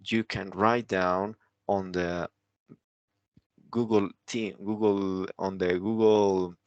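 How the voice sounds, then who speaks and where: A man's voice: low-pitched, steady tone, takes it slowly, dry recording, lo-fi sound. A man teaching an English grammar lesson, explaining step by step and often checking in with the listener. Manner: explanatory, keeps checking with "right?".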